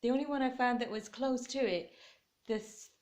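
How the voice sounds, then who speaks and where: A woman's voice: a little high, moderate pace, darkish tone. A woman chatting casually in a home vlog while decorating, giggly and talking to her cat, recorded on a camera phone. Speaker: vlogger.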